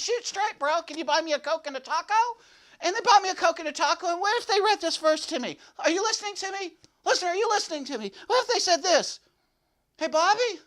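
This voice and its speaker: A man's voice: very high voice, fairly bright tone. A man playing a boastful, goofy young slacker in a comedic devotional monologue, rambling and repeating himself to grab attention. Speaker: devotional speaker.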